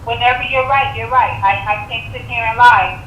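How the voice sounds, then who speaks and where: A woman calling in for a tarot reading, agreeable and soft-spoken, often repeating herself. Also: a little high, steady tone, normal speed, echoey room, dull audio, a little hiss or hum. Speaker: caller getting a tarot reading. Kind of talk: live call-in conversation.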